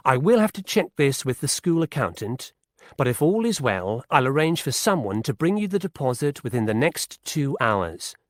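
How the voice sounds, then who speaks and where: A man's voice: medium pitch, sing-song, moderate pace, no echo, natural voice. An actor playing a polite male school organizer who books a coach, in a scripted exam dialogue with a formal, courteous manner. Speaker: school staff member booking a coach. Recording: dry studio recording.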